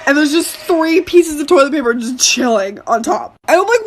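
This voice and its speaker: A woman's voice: very high-pitched, expressive, brisk, fairly bright tone. A woman telling a casual storytime anecdote, animatedly acting out her friends' lines.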